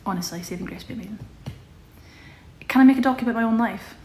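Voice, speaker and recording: A woman's voice: on the high side, fast, mellow, a little hiss or hum. A young woman chatting casually on a live stream, reading out viewer questions and answering them. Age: young adult. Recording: echoey room with faint ambience.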